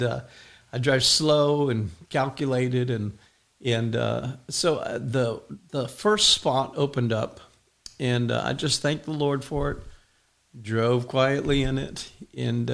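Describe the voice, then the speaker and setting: An older man, a pastor, preaching a sermon with slow, emphatic declarations and frequent "uh" pauses. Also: mid-range voice, vocal fry.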